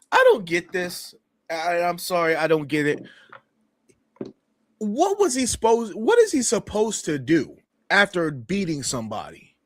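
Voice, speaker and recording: Lively, halting man in casual chat. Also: sits high, dry recording, studio quality. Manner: halting, with frequent restarts and easy laughter. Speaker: podcast co-host reviewing wrestling.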